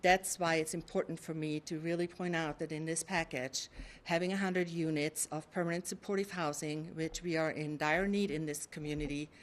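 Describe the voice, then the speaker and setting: Earnest, low-voiced woman official testifying. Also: steady tone. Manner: earnest, measured, frequent "um" fillers. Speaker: city social services director. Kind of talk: public hearing testimony. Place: public hearing room.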